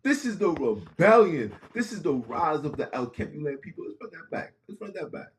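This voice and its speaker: A man's voice: a little high, sing-song, brisk, slight background noise. A man hosting a podcast, speaking in an impassioned monologue with casual street phrasing and repeated lines for emphasis. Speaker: podcast host.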